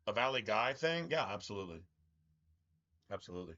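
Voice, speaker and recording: A man's voice: lowish voice, sing-song, fairly quick, sharp tone, dull audio. A middle-aged man chatting casually on a live game stream, rambling and profane, with strong opinions. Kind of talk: casual live-stream chat while gaming.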